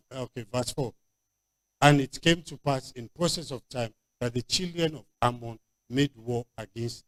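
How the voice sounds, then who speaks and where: A pastor with a Nigerian accent and a medium-pitched voice delivers a sermon in a church convention hall. He's emphatic and repeats himself, often breaking off and starting again.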